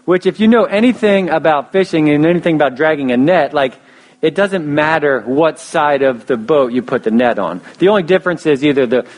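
A young man preaching a sermon in a casual storytelling way, often restarting phrases and adding fillers. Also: a little high. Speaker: pastor.

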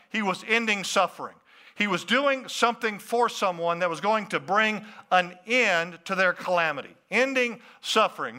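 Pastor, lively preaching with asides to the crowd, bright voice. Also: male voice, high-pitched. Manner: animated, talks to the crowd with questions and asides. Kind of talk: sermon.

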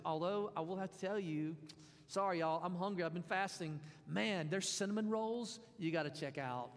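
A man preaching a sermon in a folksy, animated way, tossing in acted asides. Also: high voice, normal speed. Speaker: pastor. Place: church sanctuary. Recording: church hall with long reverb.

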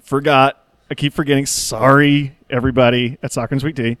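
A man's voice: medium pitch, flat delivery, brisk, a bit bright, dry recording. A man hosting a casual podcast, laughing often and tripping over his words. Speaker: podcast host.

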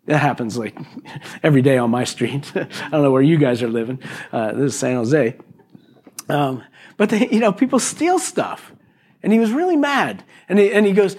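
Man, pastor, sermon, conversational, talks to the congregation, acted-out quotes, fairly high voice. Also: big pitch swings, moderate pace, darkish tone, husky. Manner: conversational preaching with frequent "okay" and "right?" asides; acts out quoted exchanges with his neighbor. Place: church service before a congregation.

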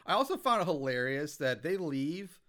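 A man with a bright, lively voice who keeps jumping in with jokes and quick remarks. He talks about a movie in easy, casual banter. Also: a little high. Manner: laughs easily, jokes, chimes in. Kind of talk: casual movie recap chat.

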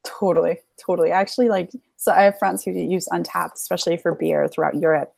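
A woman's voice: on the low side, steady tone, quick pace, gravelly, a little mellow, breathy edge, no room sound. A young American woman chatting casually on a podcast, a bubbly storyteller who laughs often. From United States. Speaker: podcast guest. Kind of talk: casual chat.

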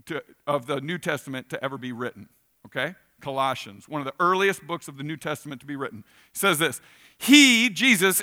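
A man preaching a weekend sermon in a casual, animated way, acting out little asides. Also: fairly high pitch. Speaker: pastor.

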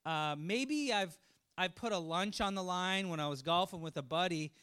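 Speaking at normal speed in a high-pitched, sharp, clear, and resonant voice, a middle-aged pastor gives a chatty, conversational sermon. He laughs frequently and repeats words while working through his thoughts out loud.

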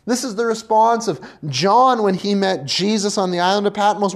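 A preacher delivering a passionate sermon, swinging from hushed, intimate lines to loud, emphatic ones, and addressing listeners as friends. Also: medium pitch, normal speed, few pauses.

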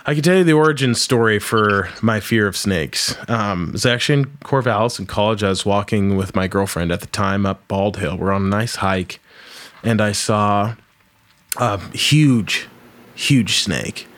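A man's voice: fairly low pitch, normal speed, fairly bright tone. A man hosting a casual chat, telling rambling stories and swearing freely.

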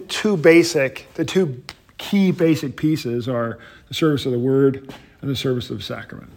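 Male pastor, adult class teacher, somewhat high pitch, animated, paces while talking, frequent restarts.

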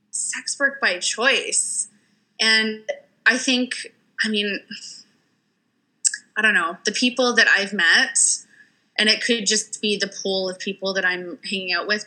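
A young adult woman hosting a casual podcast chat, animated and emphatic, laughing often. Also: medium pitch, rough recording. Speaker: podcast host, sex worker.

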